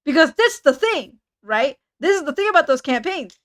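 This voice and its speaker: Rambling, slightly high-voiced woman streamer. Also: sing-song, fairly quick, a bit bright. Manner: rambling, hesitant, with frequent restarts. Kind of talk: casual reaction stream chat.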